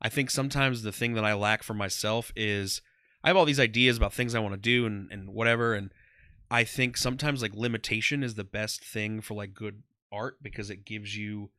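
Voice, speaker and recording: A man's voice: on the low side, fairly even intonation, fairly quick, sharp tone, clean tone, no echo, clean studio sound. A man in his thirties, a comedian, talking casually in an interview, rambling with lots of "um" and "like". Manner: rambling, heavy on "um" and "like". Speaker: guest, comedian and former ring announcer.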